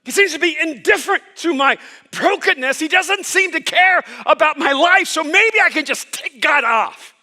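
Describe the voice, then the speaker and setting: Male pastor, sermon, impassioned, very high bright voice. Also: lively intonation, normal speed. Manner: impassioned storytelling, rising to near-shouts.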